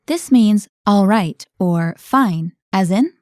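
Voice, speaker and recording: Slow and animated, a woman with a warm, mellow, mid-range voice hosts a scripted language lesson, explaining clearly and using guiding questions to move things along. She's heard dry and close to the mic.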